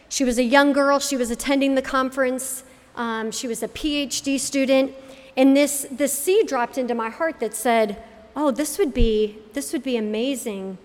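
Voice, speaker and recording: Middle-aged woman, faith testimony, lively storyteller, fairly high voice, reverb of a hall. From Connecticut. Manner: animated storyteller acting out quoted voices. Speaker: speaker giving a faith testimony.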